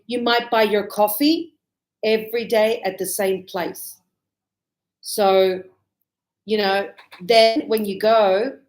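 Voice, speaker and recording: A woman teaching an English class, speaking slowly and clearly and acting out greetings as examples. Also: a little high, low-quality recording. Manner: slow, clear, explaining with acted greetings. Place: Australia.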